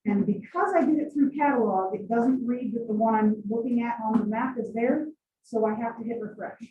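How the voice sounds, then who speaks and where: Female college instructor, higher voice, brisk and teasing, heard from a distance on a tinny line. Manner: brisk, teasing, coaxing students. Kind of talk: classroom lecture with questions. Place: classroom. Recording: distant echoey classroom on tinny mic.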